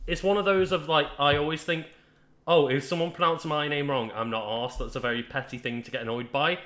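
Male co-host, easygoing, bright and sharp tone. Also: a little high, steady tone, a little fast. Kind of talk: casual chat.

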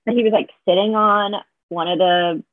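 A young woman guest on a podcast, telling a story in casual chat, animated and quoting herself and others, laughing often. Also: medium pitch, normal speed, no room sound. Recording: dry, tinny phone-like sound.

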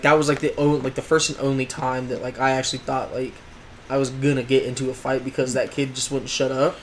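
A young man co-hosting a podcast, telling a high school story in rambling casual chat full of fillers and swearing. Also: slight background noise. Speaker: podcast co-host.

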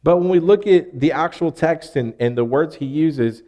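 A man's voice: on the high side, moderate pace, warm tone. A man in his thirties from Arkansas with a Southern US accent, preaching a sermon in an earnest, conversational way with rising emphasis. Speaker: pastor.

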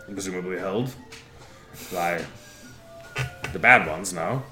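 A man running a tabletop game, narrating a character's backstory in an unhurried, drawn-out way. His voice is bright and clear. The room has a noticeable echo, with faint music behind him. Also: on the low side. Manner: slow, drawn-out storytelling with laughs and restarts. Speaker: game master.

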